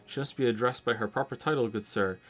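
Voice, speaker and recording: A man's voice: medium pitch, quick pace, music in the background, natural voice. A man voicing a stern, formal older woman who is a spirit medium's aunt, speaking with stiff archaic politeness. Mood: haughty.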